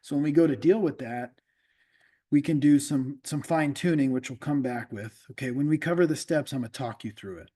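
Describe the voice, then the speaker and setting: A man's voice: mid-range voice, brisk, mellow. A middle-aged man, an automotive instructor, lecturing a class in a casual, conversational way, often repeating himself and checking in with the students.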